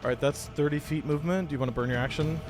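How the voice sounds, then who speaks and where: A man narrating a tabletop game as game master, with animated storytelling. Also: a little high, rapid-fire, music in the background.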